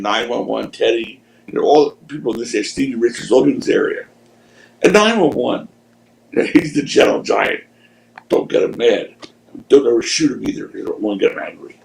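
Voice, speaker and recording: Podcast guest, man in his 60s, raspy storyteller, casual and profane, echoey room. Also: mid-range voice. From Philadelphia. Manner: animated anecdotes, swears freely. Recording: roomy echo.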